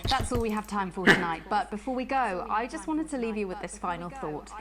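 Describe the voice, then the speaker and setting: A woman's voice: mid-range voice, lively intonation, brisk, over a noisy crowd, lightly acted. A woman playing a polished TV news anchor whose sign-off turns creepily intimate, with a posh voice. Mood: smooth. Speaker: news presenter. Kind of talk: live broadcast sign-off, in character.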